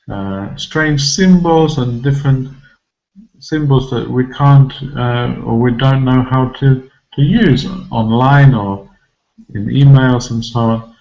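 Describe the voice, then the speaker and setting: A man teaching English pronunciation to a class, explaining slowly and patiently, repeating example words and asking the learners questions. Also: medium pitch, vocal fry, a little mellow, dull audio.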